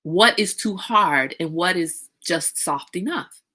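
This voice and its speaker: A middle-aged woman hosts a casual livestream talk, outspoken and animated. She speaks slowly and now and then slips into a high sing-song voice.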